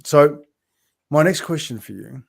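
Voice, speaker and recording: A man's voice: a little high, lively intonation, unhurried, gravelly. A man hosting a live video-call interview, upbeat and chatty, with frequent restarts and "right?" tags. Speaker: interview host. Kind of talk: casual live-stream interview.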